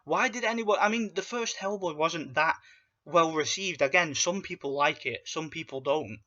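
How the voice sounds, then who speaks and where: A man's voice: a little high, normal speed, sharp tone, muffled recording. A man giving a casual, ranting movie review in a blunt, profane and dismissive way.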